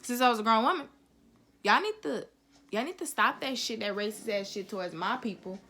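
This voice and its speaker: A woman's voice: fairly high pitch, a little fast, sharp tone. A young woman vlogger giving a heated, profane opinion rant straight to camera, blunt and emphatic.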